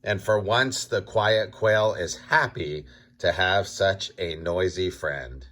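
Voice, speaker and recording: A man voicing a shy, soft-spoken little male quail in a children's storybook. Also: sits low, takes it slowly, full character voice. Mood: grateful. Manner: soft and whispery.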